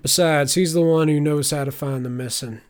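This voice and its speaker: A man's voice: fairly high pitch, fairly even intonation, moderate pace, close to an everyday voice. Field: a man doing a weary, blunt bandit. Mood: matter-of-fact.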